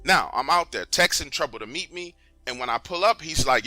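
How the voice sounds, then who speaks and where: A man narrating a true story in the first person, in a conversational, animated way. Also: medium pitch, fairly quick, hardly any pauses, dry recording, soft background music.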